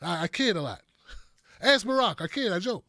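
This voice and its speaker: Brief: man impersonating a rambling, blustery older politician, louder and raised in pitch, bright and dry. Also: sing-song, moderate pace, gravelly, no echo, heavily acted. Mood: backpedaling. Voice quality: rambling, blustery, tough-guy bravado. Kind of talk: comedic impression.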